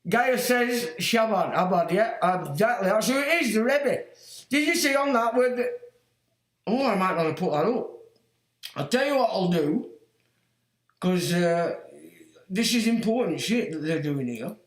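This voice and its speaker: Man, livestream host, rambling casual chat, blunt and sweary, slightly high voice, roomy echo. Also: lively intonation, a little slow, pauses often. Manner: blunt, muttering asides, swears freely.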